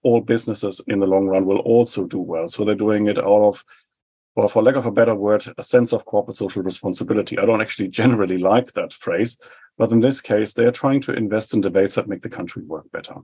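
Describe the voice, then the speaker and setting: A man in his forties with a New Zealand accent, explaining his views in a measured way in an interview. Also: fairly low pitch, darkish tone, husky. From Germany. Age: 40s. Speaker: think tank head. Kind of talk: interview answers.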